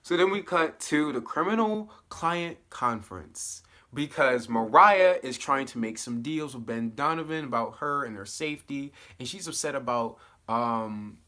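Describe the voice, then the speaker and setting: Male reviewer, casual spoiler recap, animated delivery with laughing asides. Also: mid-range voice, a little slow, few pauses. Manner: animated, laughing asides, acts out quoted lines. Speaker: TV show reviewer.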